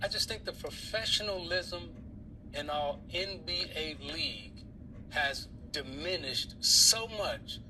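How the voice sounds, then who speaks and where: A man's voice: on the high side, slow pace. A man speaking as a basketball analyst on a studio panel, indignant and emphatic. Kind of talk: heated studio panel commentary. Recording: noisy broadcast clip.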